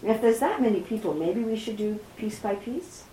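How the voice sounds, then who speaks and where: A middle-aged woman from New York City, reading and explaining scripture to a class in slow, deliberate, very distinct speech. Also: mid-range voice, expressive, mellow, slight background noise. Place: room with a small class. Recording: roomy echo.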